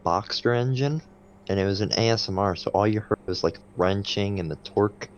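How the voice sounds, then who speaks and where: A young man with a fairly low voice co-hosts a loose podcast chat. He rambles, laughs often and restarts his sentences. A faint hum sits under the recording. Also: a little fast, lo-fi sound. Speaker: podcast co-host. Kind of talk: casual chat.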